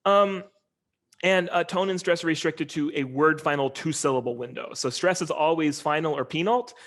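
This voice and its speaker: Over a video call, a man delivers an informal linguistics lecture, speaking in a relaxed, conversational way full of ums and uhs. His voice is slightly high, and he talks at a normal speed.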